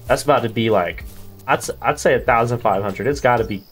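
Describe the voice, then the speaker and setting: A man's voice: mid-range voice, moderate pace, soft background music. A man doing casual gameplay commentary, joking around with slang and profanity and chatting with the characters on screen. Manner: slangy, profane, jokey banter with game characters.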